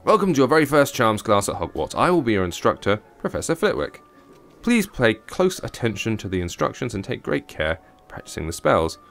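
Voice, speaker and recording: A man's voice: medium pitch, very animated, fairly quick, vocal fry, a bit bright, soft background music. A man reading aloud the lines of a small male wizard professor in a game, in a formal, instructive classroom manner.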